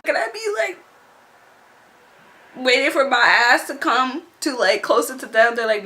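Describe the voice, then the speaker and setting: A woman in her twenties telling a casual storytime, animated and profane, laughing often. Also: fairly low pitch, moderate pace.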